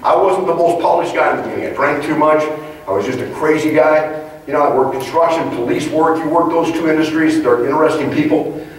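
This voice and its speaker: Motivational trainer, male, storyteller with quick rhetorical jabs, recorded from a distance in a big room. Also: a little high. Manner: animated storyteller, punchy rhetorical questions. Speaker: leadership trainer. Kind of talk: motivational speech to a live audience. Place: large conference hall. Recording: echoey hall, mic far off.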